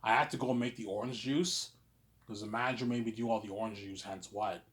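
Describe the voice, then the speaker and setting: A man in his thirties rambling through a personal monologue, stammering and repeating himself, dropping to a mutter and then rising to loud outbursts. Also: fairly even intonation, fairly quick. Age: 30s. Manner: repetitive, stammering restarts, frequent "obviously"; swings between low muttering and loud outbursts. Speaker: vlogger.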